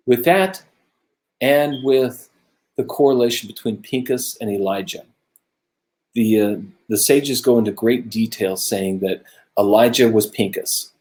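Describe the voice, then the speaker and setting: Earnest lower-voiced man musing over scripture. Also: a little slow. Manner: earnest, musing, grows animated when making a point. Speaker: co-host of a religious discussion show. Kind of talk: casual Bible study discussion. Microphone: own camera close by, video stream.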